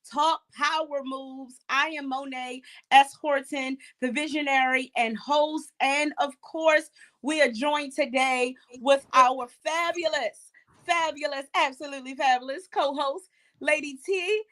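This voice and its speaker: A middle-aged woman hosting an online talk show, energetic and preacherly, with many fillers. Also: high-pitched, unhurried. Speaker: host.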